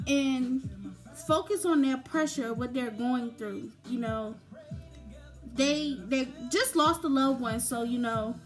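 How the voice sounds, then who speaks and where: A young woman giving informal, conversational advice about grief, with frequent fillers. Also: fairly high pitch. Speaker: grief talk presenter. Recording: faint background music.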